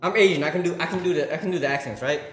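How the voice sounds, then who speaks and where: A man's voice: fairly high pitch, racing. A man streaming and chatting casually, rambling, swearing and laughing as he tells stories. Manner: rambling, profane, laughing storyteller. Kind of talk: casual livestream chat. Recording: roomy room with faint music.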